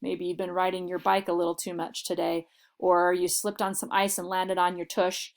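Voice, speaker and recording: A woman teaching a Spanish vocabulary lesson, explaining patiently and saying model phrases slowly and clearly. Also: on the low side, little pitch movement.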